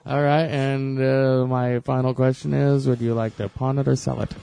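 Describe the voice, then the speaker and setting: A man's voice: mid-range voice, flat delivery, normal speed, vocal fry, warm tone, smooth, faint music behind. A man hosting a casual comedy podcast, quizzing his guests in an upbeat way. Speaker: podcast host.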